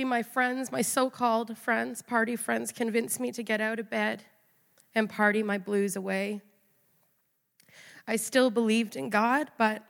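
A woman's voice: fairly high pitch, gravelly, fairly bright tone. A woman giving an emotional personal testimony in an earnest, confessional way. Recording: long hall reverb.

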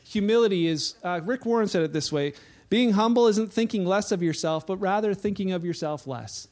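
A male pastor with a notably high voice delivers a sermon. He talks in a loose, conversational manner, often restarting his sentences, and acts out the little stories he tells. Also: animated, fairly quick, a little mellow. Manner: conversational, with acted-out anecdotes and frequent restarts.

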